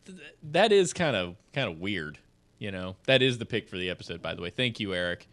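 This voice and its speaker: Man, southern US, comedy podcast co-host, jokey, reads news aloud, lively swinging pitch. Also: fairly quick. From South Alabama and Georgia. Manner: joking, animated, reads news aloud then riffs. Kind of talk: casual comedic chat, reading news stories.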